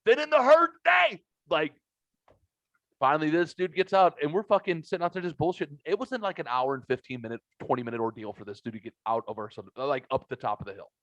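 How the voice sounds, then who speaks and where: A man's voice: mid-range voice, fast, hardly any pauses, dry recording. Profane middle-aged man telling stories. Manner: profane, animated storyteller. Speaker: podcast host. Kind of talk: casual storytelling chat. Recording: dull lo-fi audio.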